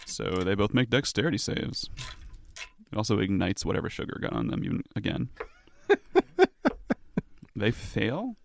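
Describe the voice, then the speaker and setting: A man's voice: on the low side, big pitch swings, moderate pace, gravelly, pauses often. A man running a tabletop game as game master, narrating the scene in a loose, descriptive way.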